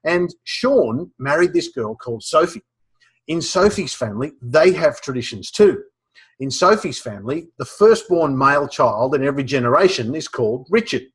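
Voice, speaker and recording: A man's voice: on the high side, expressive, normal speed, slightly rough. An Australian man presenting a webinar, telling a funny story with lots of restarts and fillers. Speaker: professional speaker teaching a webinar.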